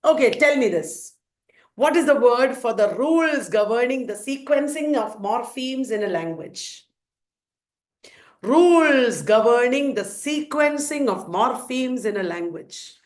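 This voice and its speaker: A woman's voice: fairly high pitch, animated, measured pace. A woman teacher with an Indian English accent, quizzing her students and repeating the answers emphatically. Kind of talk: lecture with questions to students.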